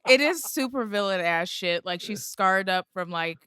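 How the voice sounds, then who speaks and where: A woman's voice: medium pitch, animated, normal speed, a crowd in the background. A woman guesting on a film podcast, talking bluntly and laughing often as she acts out lines from the film. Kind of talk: casual chat.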